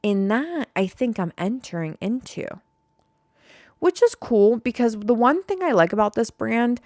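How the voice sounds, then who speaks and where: A woman's voice: a little high, sing-song, a little slow, a little mellow, no room sound, studio quality. A young woman hosting a casual podcast, rambling and swearing freely as she vents to her listeners. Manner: rambling, profane, fired-up. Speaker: podcast host.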